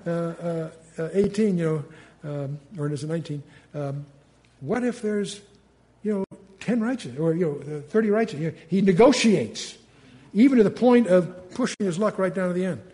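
An older man, his voice sitting a little high, teaches the Bible like a chat among friends. He reads old verses aloud with swelling emphasis, then drops back into easy asides full of "you know" and "uh", recorded close on a podcast mic. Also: moderate pace, dark tone.

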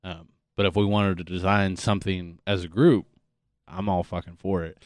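A man's voice: low-pitched, steady tone, moderate pace, no room sound, clean studio sound. A man in casual chat, cutting in with crude jokes and quips. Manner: joking interjections, crude quips.

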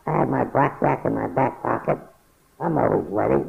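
Gravelly older man telling a street story. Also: medium pitch, normal speed. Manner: blunt, profane, matter-of-fact storytelling. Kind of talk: casual spoken memoir. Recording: phone-like narrow band.

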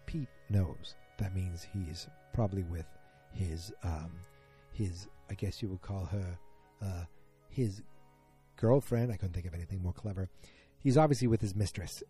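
A man's voice: low voice, unhurried, warm tone, slightly rough, soft background music. A man hosting a podcast, casually recapping a TV episode in a chatty, rambling way with lots of fillers and restarts. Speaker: podcast host.

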